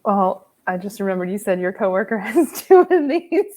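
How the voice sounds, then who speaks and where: A woman's voice: mid-range voice, very animated, moderate pace, a little mellow. A young woman chatting casually on a podcast as guest co-host, giggly and eager to share trivia.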